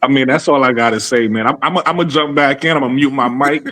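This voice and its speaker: Man, sports stream guest, bright tense voice, emphatic, stammering repeats. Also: medium pitch, quick pace, dry recording. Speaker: guest panelist. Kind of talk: casual sports chat.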